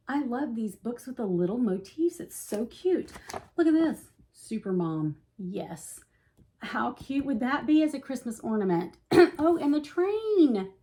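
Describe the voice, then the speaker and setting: A woman vlogger chatting casually as she shows cross-stitch books, gushing over small designs and slipping into soft hushed asides. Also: on the high side, a little hiss or hum. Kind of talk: casual show-and-tell chat.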